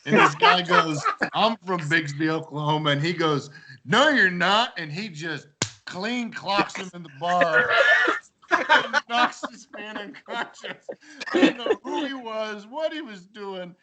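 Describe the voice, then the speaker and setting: A man telling old house-party stories in a casual chat, animated, acting out quoted lines and laughing often. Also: sits high, a little slow, heavy background noise. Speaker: storyteller among old housemates.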